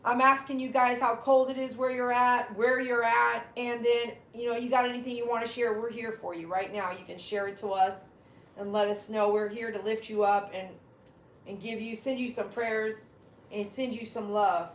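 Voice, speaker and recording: A woman's voice: a little high, flat delivery, normal speed, echoey room, a little hiss or hum. A woman hosting a casual livestream from home. She chats to her dogs and reads viewer comments aloud. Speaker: dog groomer and livestream host.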